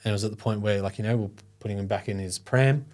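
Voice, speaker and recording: A man's voice: lowish voice, quick pace, darkish tone. A middle-aged man, telling a personal story in an interview. He talks in a loose, conversational way with many fillers and sometimes gets choked up. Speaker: guest, foundation founder.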